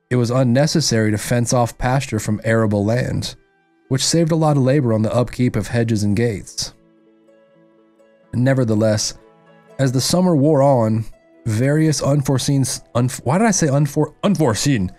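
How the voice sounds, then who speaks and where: A man hosting a podcast, reading a novel aloud at a measured pace and breaking off for loose, profane comments. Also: medium pitch, a little mellow. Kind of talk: book reading with casual commentary.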